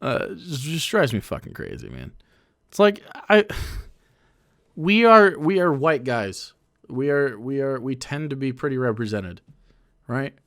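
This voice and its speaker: A man's voice: medium pitch, big pitch swings, a little slow, fairly bright tone, dry recording, studio quality. A man streaming and reacting to a video, rambling and profane, with frequent restarts. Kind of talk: casual reaction commentary.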